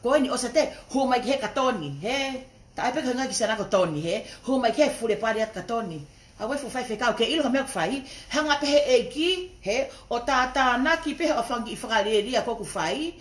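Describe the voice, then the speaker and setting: A woman ranting angrily and profanely on a livestream, often tagging her lines with a quick "he?". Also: a little high, animated, echoey room. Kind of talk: heated livestream rant.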